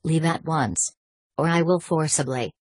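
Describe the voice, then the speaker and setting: A woman's voice: low voice, unhurried, husky, no echo, studio quality. A woman voicing a stiff, protective male manservant in an audiobook, formal and curt.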